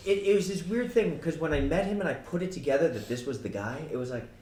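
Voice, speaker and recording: A man's voice: on the high side, fast, slight background noise. Guy telling stories w/ friends, voice jumps around a lot, echoey room. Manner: animated storyteller, laughing. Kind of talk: casual chat, storytelling.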